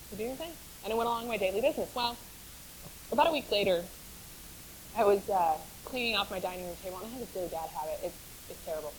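A woman's voice: mid-range voice, fast talker, pauses often, a little hiss or hum, rough recording. Chatty woman telling her faith story. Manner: chatty storyteller, laughs often, repeats for emphasis. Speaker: speaker sharing her testimony. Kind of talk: personal faith testimony.

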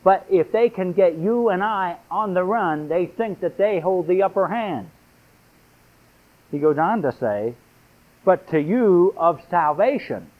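A man's voice: high-pitched, lively intonation, measured pace. A man preaching a sermon, reading scripture aloud with rising, emphatic delivery. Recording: tinny phone-like sound.

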